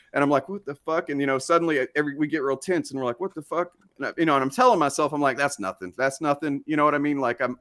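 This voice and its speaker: Fast-talking man from South Texas, rambling. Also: medium pitch, sharp tone, no echo, clean studio sound. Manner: rambling, profane, many fillers. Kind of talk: casual storytelling chat.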